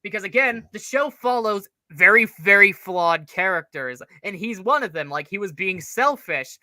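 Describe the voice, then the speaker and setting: A man's voice: high-pitched, animated, normal speed, sharp tone, no room sound. A man co-hosting a casual show review, analytical and rambling, with the odd curse. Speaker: co-host reviewer.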